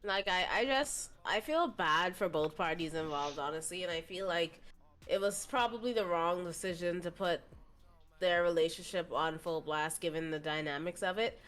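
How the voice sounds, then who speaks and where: A woman's voice: on the low side, moderate pace, a bit bright. A young woman as a podcast guest in casual chat, frank and thoughtful as she gives her views. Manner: frank, thoughtful, candid opinions.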